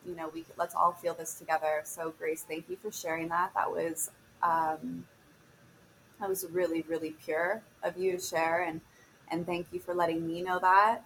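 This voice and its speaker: Earnest low-voiced woman fitness coach. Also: level tone, normal speed, a bit bright, slight background noise, poor audio. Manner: earnest, motivational, searching for words. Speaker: fitness instructor guest. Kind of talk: casual podcast conversation.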